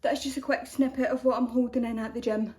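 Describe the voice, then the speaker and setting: Brief: young woman, casual vlogger, rambly and chatty, voice sits a little high. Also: flat delivery, fast talker, music in the background. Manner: chatty, rambling, with frequent restarts. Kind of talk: casual vlog chat.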